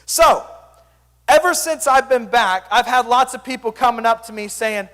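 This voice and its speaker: A young youth pastor preaches to a crowd of teens, with a very high-pitched voice for a man. He tells funny stories and keeps the energy up. His voice rings with the long reverb of a hall. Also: normal speed. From Sand Springs area, US. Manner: energetic, joking storyteller. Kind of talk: youth sermon.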